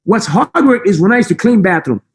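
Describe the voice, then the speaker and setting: Male motivational speaker, high voice, accented English, intense and emphatic. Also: animated. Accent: non-native English. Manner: intense, emphatic, fast-talking. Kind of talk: high-energy motivational talk. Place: room with a camera.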